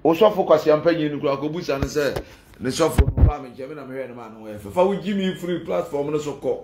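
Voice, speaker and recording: Fiery high-voiced Ghanaian pastor. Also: male voice, quick pace, darkish tone, slight background noise. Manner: fiery, defiant, combative. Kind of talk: heated address to critics. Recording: echoey room.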